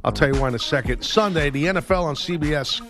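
A man's voice: on the high side, fast talker, soft background music. A man hosting a sports radio talk show, telling a long story and acting out every voice in it. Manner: animated storyteller acting out both sides of a confrontation.

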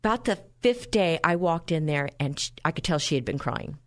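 A woman guest on a radio show, telling her personal testimony with lively storytelling and frequent laughter. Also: deep voice, brisk.

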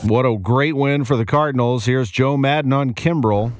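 A man hosting a sports radio show, running briskly and enthusiastically through scores, schedules and upcoming guests. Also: medium pitch. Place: radio studio. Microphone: studio microphone.

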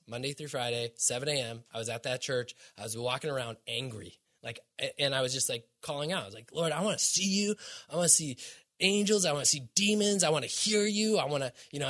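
A man's voice: mid-range voice, sharp tone. A middle-aged man giving an earnest, casual faith testimony as a podcast guest, full of acted-out quotes.

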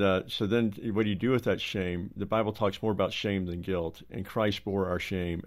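A man who is a pastor, explaining steadily in a pastoral way and telling anecdotes on a roundtable. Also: sits low. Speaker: pastor and co-host. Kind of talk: roundtable talk, teaching.

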